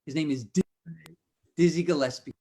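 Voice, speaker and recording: A man's voice: a little high, moderate pace, a loud crowd. A man leading an interactive music lesson for children, playfully coaxing them to repeat after him. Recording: children chattering in the background. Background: children's voices.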